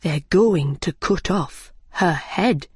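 A woman voicing the White Rabbit, a nervous male rabbit who speaks in a hushed, secretive way. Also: on the low side, expressive, slow, breathy edge, no room sound, clean studio sound, full character voice.

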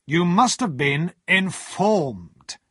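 A man voicing a stern middle-aged male lawyer, clipped and precise, pitched higher than his own husky voice. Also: expressive, extremely slow, a bit bright, no echo, studio quality, heavily acted.

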